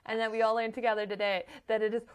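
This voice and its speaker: A woman's voice: on the high side, flat delivery, very fast, clear, resonant tone. A woman co-hosting a casual book podcast, enthusiastic and rambling, with lots of fillers. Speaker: podcast co-host. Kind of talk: casual chat.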